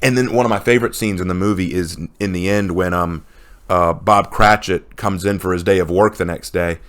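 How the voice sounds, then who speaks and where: A man's voice: sits low, fairly even intonation, fairly quick, a bit bright. A man co-hosting a casual chat, retelling favorite film scenes with enthusiasm. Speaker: co-host of a movie list video.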